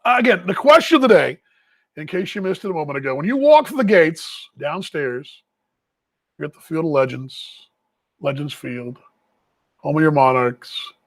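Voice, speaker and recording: A man with a fairly high voice chats casually on a live stream, rambling between viewer comments with an easy, self-deprecating humor. He is from Texas and talks as a team broadcaster at a ballpark. The sound is dry and close, with little room around it. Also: expressive, normal speed, pauses often, dry recording.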